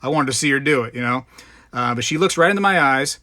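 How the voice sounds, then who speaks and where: A man's voice: medium pitch, expressive, quick pace, pushed and bright, no echo, clean studio sound. A man hosting a live stream in casual, rambling chat, greeting viewers by name. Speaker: livestream host.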